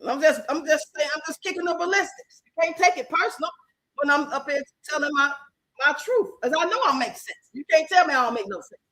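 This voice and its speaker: A woman's voice: high voice, fairly quick, no room sound, low-quality recording. Outspoken Chicago woman livestreaming. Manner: animated, outspoken, emphatic, talks back to the chat. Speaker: livestream host. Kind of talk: livestream chat reacting to comments.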